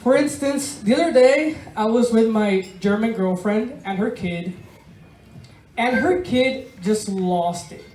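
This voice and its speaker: A woman from Venezuela performs stand-up to a live crowd, talking at an unhurried pace with a deadpan, laughing delivery. Her voice sits at an ordinary pitch and comes from some way off the mic, in an echoey room. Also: distant mic, soft background music. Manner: slow, laughing deadpan storytelling with swearing. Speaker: stand-up comedian. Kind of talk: stand-up comedy set. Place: large room of a bar, live audience.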